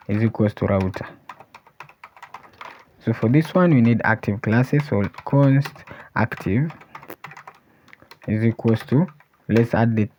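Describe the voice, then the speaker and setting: A man teaching a coding tutorial, thinking aloud as he types and often pausing to say "let's see". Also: fairly low pitch, a little hiss or hum. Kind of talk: screen-recorded coding walkthrough. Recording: dull lo-fi voice recording. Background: keyboard typing and clicks.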